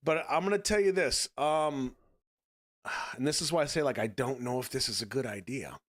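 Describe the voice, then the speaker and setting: A man with a raspy voice, talking earnestly and haltingly to his viewers on a casual live stream. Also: mid-range voice. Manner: earnest, halting, many restarts. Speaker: livestreamer.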